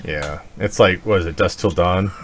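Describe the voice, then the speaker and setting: Speaking at normal speed in a low voice against a noisy background, this podcast co-host chats casually. He launches into animated, laughing rants packed with profanity.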